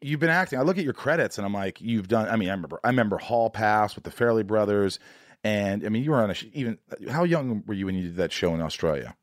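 A man's voice: lowish voice, animated, fast talker, no room sound, studio quality. A man hosting a podcast, chatting casually in a rambling, jokey, self-deprecating way. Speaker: podcast host. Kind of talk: casual interview chat.

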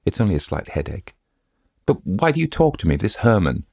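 A timid young ward in a story, alarmed and pleading. A man puts her on with a raised, gravelly and husky voice, recorded dry and close. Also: deep voice, sing-song, a little fast, darkish tone, no echo, voice pushed up, exaggerated voice.

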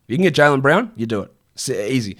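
Blunt, swearing fantasy basketball streamer. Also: male voice, mid-range voice, big pitch swings, quick pace, a bit bright. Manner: blunt, swearing, exasperated rants. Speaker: fantasy basketball streamer answering viewer questions. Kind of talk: casual livestream Q&A.

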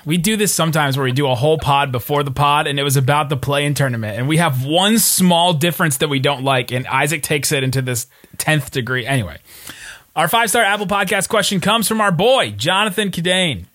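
Bright-voiced man hosting a sports podcast. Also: a little high. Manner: joking, relaxed, quick asides. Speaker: podcast host. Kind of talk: casual sports podcast chat.

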